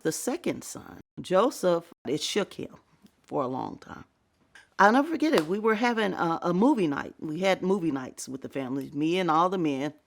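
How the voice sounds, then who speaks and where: A middle-aged woman, a fire safety advocate, giving earnest and reflective personal testimony in an interview, breaking into soft laughs now and then. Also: lowish voice, big pitch swings, moderate pace, gravelly.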